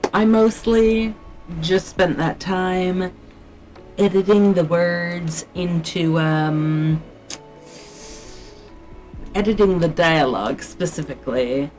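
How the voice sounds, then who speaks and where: A woman streams her writing sprints, chatting casually and muttering her thoughts to viewers while faint music plays. She speaks slowly and steadily in a low-pitched, slightly mellow voice, pausing often, over poor audio.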